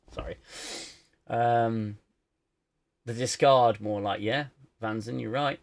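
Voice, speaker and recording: A man's voice: medium pitch, fairly even intonation, drawn-out words, vocal fry, pauses often. A man hosting a casual livestream chat about shows, rambling with laughs and restarts. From United Kingdom. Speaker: show reviewer and host.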